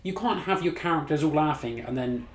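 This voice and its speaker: A man's voice: a little high, animated, brisk. A man giving a casual movie review, blunt and sweary, mocking what he disliked. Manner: blunt, sweary, exasperated, laughs at his own mockery. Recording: echoey room.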